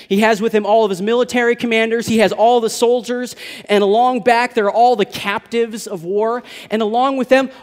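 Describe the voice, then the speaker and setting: A man's voice: sits high, big-room sound. A man preaching an earnest sermon that builds to emphatic declarations. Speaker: pastor.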